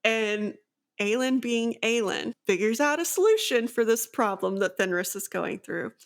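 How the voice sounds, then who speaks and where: A woman's voice: fairly high pitch, normal speed. A woman co-hosting a book chat, retelling a fantasy plot in a long, eager run of events. She leans on "like" and "so" as she goes, in an easy and unscripted way. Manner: animated plot recap, many "like" fillers. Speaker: book podcast co-host. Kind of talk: casual book discussion.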